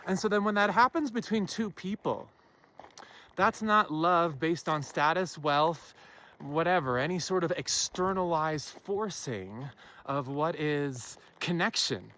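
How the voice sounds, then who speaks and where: A woman's voice: low-pitched, a little slow, fairly bright tone. Emphatic woman with rhetorical questions. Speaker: self-help speaker. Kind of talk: impassioned spiritual monologue.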